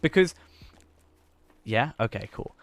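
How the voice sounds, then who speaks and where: A man's voice: medium pitch, lively intonation, slow pace, creaky, no echo, soft background music. A man streaming a game, chatting casually and thinking aloud in a rambling, self-mocking way. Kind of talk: casual gameplay chat.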